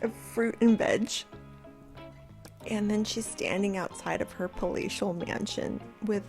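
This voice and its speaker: A middle-aged woman, a vlogger, chatting casually from home in a giggly, animated way. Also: medium pitch, unhurried, soft background music. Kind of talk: casual commentary vlog.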